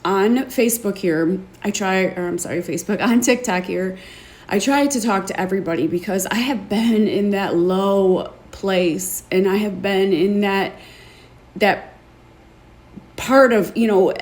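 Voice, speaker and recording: A woman hosting a show, telling her own story to an online audience in an earnest, emotional, confiding way, halting and repeating words as she gathers her thoughts. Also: medium pitch, darkish tone. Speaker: podcast host. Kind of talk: candid personal testimony to an online audience.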